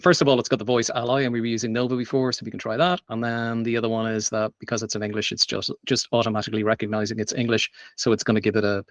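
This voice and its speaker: A man's voice: mid-range voice, dry recording. Casual man presenting a live demo. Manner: casual, thinking aloud with fillers and restarts. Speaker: meetup presenter. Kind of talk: live tech demo talk. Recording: dry, dull lo-fi sound.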